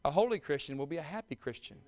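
A man, preaching a sermon with folksy humor that builds to loud, fervent exhortation. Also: fairly high pitch, expressive, very fast. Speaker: pastor.

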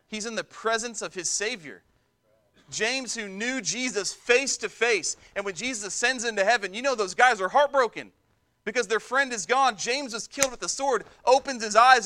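Male pastor, sermon delivery, bright and high-pitched, emphatic and repetitive. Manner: emphatic preaching, repeats words for stress.

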